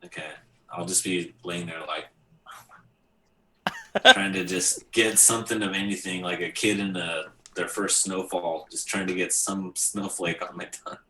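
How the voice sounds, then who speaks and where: A man's voice: low voice, expressive, unhurried, creaky, sharp tone, slight background noise, low-quality recording. A man playing a tabletop role-playing game, joking around and laughing often. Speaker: player. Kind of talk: casual tabletop play.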